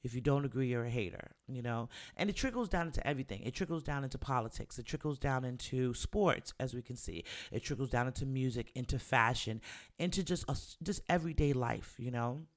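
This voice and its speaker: A man's voice: medium pitch, fairly quick. A man who makes music, talking casually and candidly in a monologue, swearing freely and acting out what friends said. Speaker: musician, rapper.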